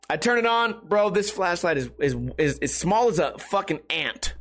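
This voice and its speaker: High-voiced, profane man rambling on a podcast. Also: very animated, fairly quick, fairly bright tone. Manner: profane, rambling, self-mocking. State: tipsy. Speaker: podcast host. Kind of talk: casual comedic storytelling.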